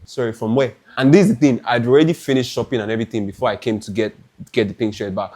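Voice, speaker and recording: Animated Nigerian man telling a haul story. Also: medium pitch, rapid-fire. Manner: animated, dramatic, restarts often. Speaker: fashion vlogger. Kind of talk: chatty try-on haul storytelling.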